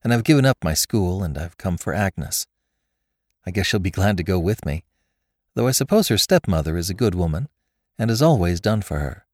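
A man's voice: sits low, expressive, normal speed, darkish tone, dry recording, clean studio sound. A man voicing a blunt, upright spinster schoolteacher who speaks plainly and directly. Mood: matter-of-fact.

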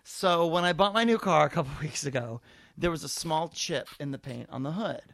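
A podcast host with a voice on the high side hosts a casual talk show, speaking briskly with vocal fry in a dry, echo-free recording. He tells a long, profane story, animatedly acting out the dialogue.

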